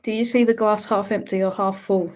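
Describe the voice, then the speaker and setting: A woman's voice: medium pitch, fairly even intonation, brisk, darkish tone. A woman hosting a casual live Q&A, chatty and laughing often as she reads out viewer questions. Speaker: livestream host answering viewer questions.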